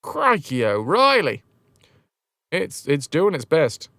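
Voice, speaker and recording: A man's voice: fairly high pitch, wildly swooping pitch, takes it slowly, a bit bright, no room sound, studio quality. A British man chatting casually on a game livestream from home, joking and swearing freely. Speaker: game streamer.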